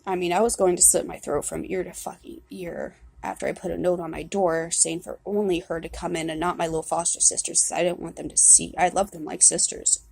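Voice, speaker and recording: Husky, gravelly young woman confessing. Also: on the low side, steady tone, darkish tone, no echo. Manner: candid, halting, swears often, many restarts. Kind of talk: personal confessional vlog.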